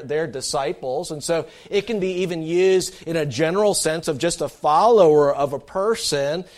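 A middle-aged man preaching a sermon, animated and full of restarts, acting out the shocked reactions of his listeners. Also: on the high side.

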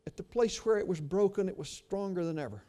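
An older man preaching a sermon, telling a story and then praying, earnest and swinging from hushed to emphatic. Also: high voice, quick pace.

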